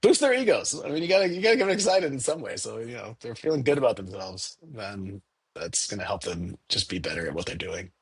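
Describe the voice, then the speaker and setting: Interviewed casually, a candy store owner talks animatedly, acting out small quoted exchanges in a raised voice. His voice is male, fairly low, very animated, quick and slightly rough, with no echo.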